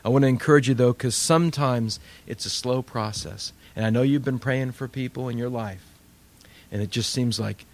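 A man's voice: mid-range voice, normal speed. A man preaching a sermon, telling stories with energy and acting out the people he quotes. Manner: animated storytelling, acts out quoted voices. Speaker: pastor.

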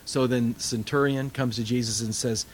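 A middle-aged man preaching a sermon in a conversational, animated storytelling way. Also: mid-range voice, normal speed, a little hiss or hum. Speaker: pastor.

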